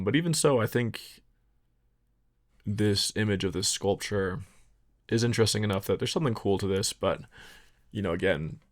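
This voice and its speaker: Low gravelly young man vlogging. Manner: relaxed, self-deprecating, rambling with fillers. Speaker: photography vlogger. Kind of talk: casual vlog narration.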